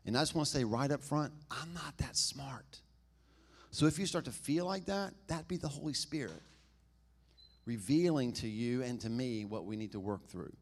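A man with a Southern accent, a pastor giving a casual, humorous sermon that swings between loud emphasis and quiet asides. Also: mid-range voice, brisk. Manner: conversational and humorous, laughs and asks "right?".

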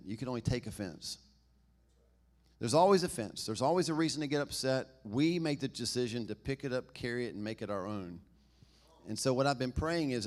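A man with a Southern accent, a pastor giving a casual, humorous sermon that swings between loud emphasis and quiet asides. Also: mid-range voice. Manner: conversational and humorous, laughs and asks "right?".

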